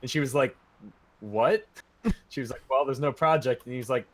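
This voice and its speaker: A man's voice: mid-range voice, moderate pace, a bit bright, a little hiss or hum. A man streaming, telling stories in a casual, profane, laughing way.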